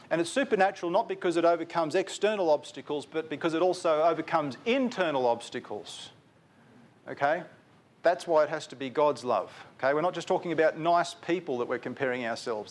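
A man preaching a sermon in an earnest, repetitive way, putting direct questions to his listeners. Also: on the high side.

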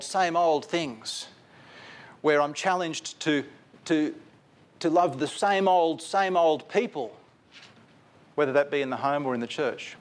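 A man preaching a sermon in an earnest, repetitive way, putting direct questions to his listeners. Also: a little high.

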